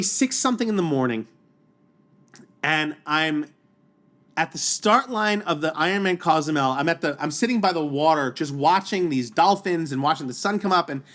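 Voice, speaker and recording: Male podcast guest, animated storyteller, a touch high, full of restarts. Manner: animated, quick, with repeated restarts. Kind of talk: casual storytelling.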